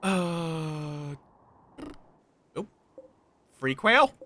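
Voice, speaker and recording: A man's voice: fairly high pitch, animated, drawn-out words, pushed and bright, a little hiss or hum. A tired man chatting casually on a game livestream, playful and slipping into silly put-on accents. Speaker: streamer. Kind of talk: casual livestream chat while gaming. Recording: faint music in the background.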